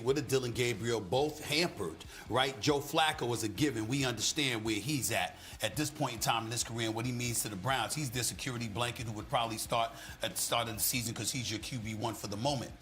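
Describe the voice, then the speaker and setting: A man talking on a sports debate show as a commentator, emphatic with a preacher-like cadence that swings into shouting. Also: mid-range voice, fairly quick, hardly any pauses.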